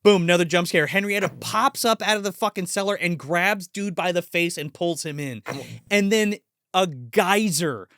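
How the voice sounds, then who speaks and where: Podcast co-host, male, a bit high-voiced, swears freely, acts out scenes as he recaps them, dry close mic. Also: moderate pace, dry recording. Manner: animated retelling with crude swearing and acted-out quotes. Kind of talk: casual movie review chat.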